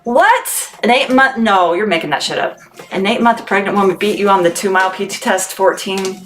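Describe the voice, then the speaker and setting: Brief: young woman, livestream host, rambly and giggly, mid pitch, background music. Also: moderate pace, fairly bright tone, rough recording. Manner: chatty, laughing, rambling. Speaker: livestream host packing orders. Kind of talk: casual livestream chat.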